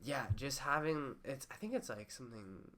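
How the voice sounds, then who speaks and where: A young man from Canada, guest on a podcast, speaking with a bright, forceful tone. He chats casually and laughs easily. His pitch sits in a middle range. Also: lively intonation. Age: young adult. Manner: chatty, quick to laugh. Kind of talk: casual chat.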